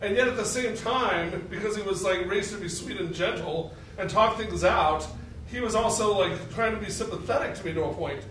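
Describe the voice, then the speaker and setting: A man in his forties from Arkansas, telling a personal story on stage in an animated way, laughing at his own tale. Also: sits high, brisk, a little hiss or hum. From Arkansas, USA. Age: 40s. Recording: echoey hall, mic at a distance.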